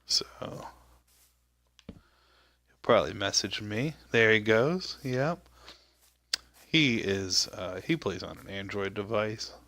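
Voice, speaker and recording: A man's voice: on the low side, takes it slowly, pauses often, a bit bright, dry recording. A man giving casual gameplay commentary, rambling and exclaiming as he talks to himself. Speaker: show host.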